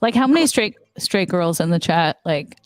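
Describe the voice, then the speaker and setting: A woman's voice: on the low side, expressive, normal speed, no room sound. A woman in her fifties co-hosting a casual livestream chat, chatty and enthusiastic, often laughing. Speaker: co-host.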